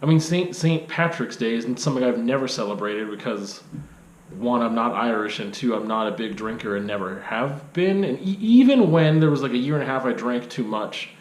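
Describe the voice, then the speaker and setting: A man's voice: mid-range voice, lively intonation, moderate pace. A young man, talking casually to camera in a rambling, self-deprecating way, full of hedges and fillers. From Canada. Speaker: video blogger and artist. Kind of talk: casual unscripted monologue. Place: art studio. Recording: echoey room.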